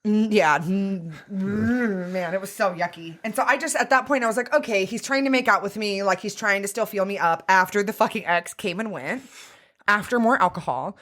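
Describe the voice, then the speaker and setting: A young woman co-hosting a podcast, telling a dating story in a candid, profane, animated way. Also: medium pitch, normal speed. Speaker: podcast co-host. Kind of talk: casual chat, storytelling.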